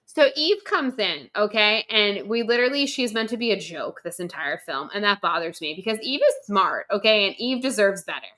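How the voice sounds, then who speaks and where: A woman's voice: mid-range voice, animated, moderate pace, hardly any pauses, pushed and bright. A young woman co-hosting a casual podcast, ranting emphatically and swearing freely. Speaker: podcast co-host.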